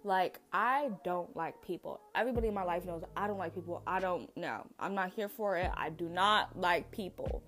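A woman's voice: on the low side, normal speed, few pauses, a bit bright. A young woman hosting her own podcast, talking casually and bluntly with lots of fillers. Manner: chatty, blunt, many fillers. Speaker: podcast host. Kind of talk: casual solo podcast talk.

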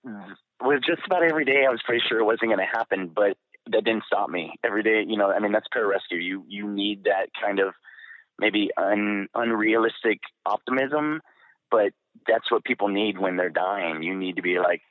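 Middle-aged veteran guest with a deep voice, candid and rambling, on a dry, tinny line. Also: male voice, moderate pace, dry recording. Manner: candid, rambling with fillers and restarts. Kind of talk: storytelling in an interview. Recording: dry, phone-like narrow sound.

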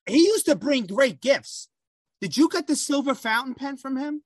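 A man's voice: very high voice, lively intonation, normal speed, dry recording, clean studio sound. A man from New Jersey, a congressman guest, talking in casual conversation in an enthusiastic, emphatic way.

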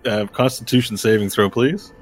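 A man running a tabletop game as game master, narrating the scene with animated, laughing storytelling. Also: lowish voice, normal speed, soft background music.

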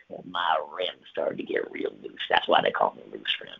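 Man, gravelly, husky, wild profane storyteller, loud bursts and whispers, lo-fi radio. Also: deep voice, sing-song, moderate pace. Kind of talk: rambling comic tall tale on radio.

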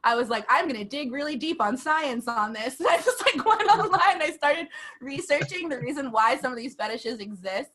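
A high-pitched woman with a bright, sharp tone chats casually. She talks with lots of fillers and breaks into giggles often. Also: very animated, normal speed, a little hiss or hum. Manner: giggly, frequent laughter, filler-heavy. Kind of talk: casual chat.

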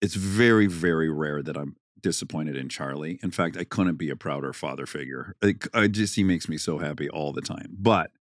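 A man's voice: extremely low pitch, moderate pace, hardly any pauses, dry recording, clean studio sound. A man hosting a podcast in casual chat, telling stories with animation. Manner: animated, storytelling. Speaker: podcast host.

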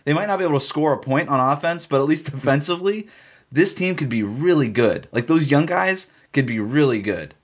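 A man's voice: a little high, animated, fairly quick. A man co-hosting a sports podcast, arguing his point emphatically and repeating lines for stress. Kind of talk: casual sports talk.

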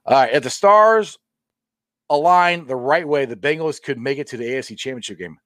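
A man's voice: mid-range voice, a little fast, dry recording, clean studio sound. A man hosting a casual sports talk livestream, talking passionately with lots of restarts and reading viewer comments. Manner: passionate, animated, many restarts.

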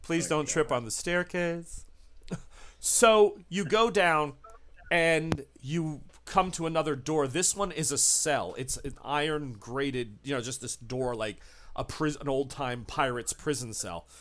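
A man running a tabletop horror game as game master, narrating scenes in an unhurried, descriptive way. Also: on the high side, a bit bright. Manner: unhurried, descriptive, laughs with players.

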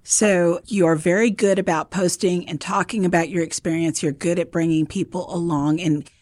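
A woman's voice: lowish voice, fairly even intonation, normal speed, darkish tone, dry recording, studio quality. A woman hosting an interview, chatting casually and adding encouraging remarks. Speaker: podcast host.

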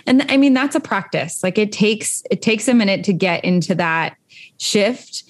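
A woman's voice: mid-range voice, lively intonation, normal speed. A woman in her thirties, a co-host talking earnestly and reflectively about emotions and parenting, with many fillers. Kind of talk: casual chat.

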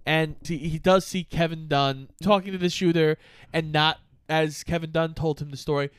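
A man's voice: fairly high pitch, steady tone, moderate pace, smooth, no echo. A man in casual conversation, cutting in to add and correct plot details of a movie. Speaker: podcast co-host. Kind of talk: casual movie recap chat.

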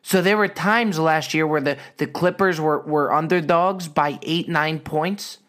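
Man, host, casual story monologue, swears a lot, wisecracking, animated. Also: on the high side, unhurried. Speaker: host of his own show.

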